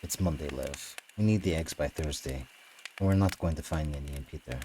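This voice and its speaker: A man's voice: extremely low pitch, a little fast, mellow, a little hiss or hum. Man reading as a cheerful swaggering soldier. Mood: breezy. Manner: breezy, self-assured. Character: cheerful swaggering young male soldier, confident.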